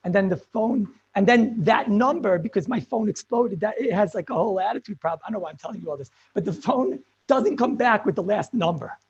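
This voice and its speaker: Gravelly, husky-voiced rabbi telling a story. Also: male voice, high voice, brisk, hardly any pauses. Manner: animated, self-mocking storytelling with frequent laughs; sprinkles in Hebrew and Yiddish learning terms. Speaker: rabbi giving a chizuk talk. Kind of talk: storytelling sermon. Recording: dull lo-fi recording.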